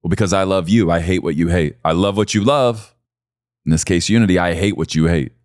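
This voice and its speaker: A man preaching a sermon as pastor, swinging from low, quiet stretches to loud, high emphasis. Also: a little fast, no echo, clean studio sound.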